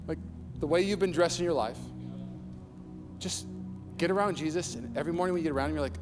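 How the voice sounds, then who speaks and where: A young man preaching in a large church hall, his voice high and bright against a long reverb tail. He throws himself into the sermon, breaking into shouts and acted-out voices, while faint music sits low in the background. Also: quick pace, pauses often. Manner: energetic preaching, acts out shouts and quoted voices. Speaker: pastor.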